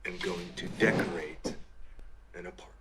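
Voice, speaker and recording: Deep-voiced awkward young man, acted by a man. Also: background noise, lightly acted. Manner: hesitant, halting. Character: awkward young man answering dating-profile prompts. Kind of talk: video-game acting.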